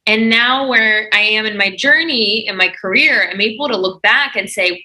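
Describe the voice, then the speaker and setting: A woman with a very bright, forceful voice, speaking as a podcast guest. She gives earnest, encouraging advice in a conversational way. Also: a little high, moderate pace, few pauses, low-quality recording. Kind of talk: podcast interview.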